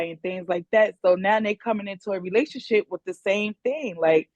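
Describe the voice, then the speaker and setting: A woman's voice: medium pitch, moderate pace, darkish tone, no room sound, low-quality recording. A woman in a casual podcast discussion, talking candidly and a little hesitantly about her own relationships. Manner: candid, hesitant, quotes conversations.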